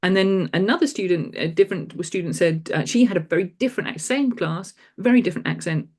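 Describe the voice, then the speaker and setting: A woman's voice: fairly low pitch, fast, darkish tone. A middle-aged woman from England, talking as an invited lecturer in a conversational interview, rambling with restarts and fillers. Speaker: guest lecturer.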